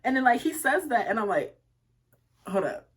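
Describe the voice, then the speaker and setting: A woman's voice: fairly high pitch, quick pace. A young woman vlogger telling a rambling story-time tale to her viewers, full of "like" and asides. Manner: rambling and animated, heavy use of "like".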